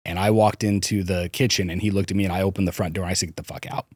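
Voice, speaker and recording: Here a man talks very fast in a low, flat voice with a breathy edge, recounting his childhood as a podcast guest. He is frank, swears a lot, and hesitates and restarts his sentences, with no room sound in the recording.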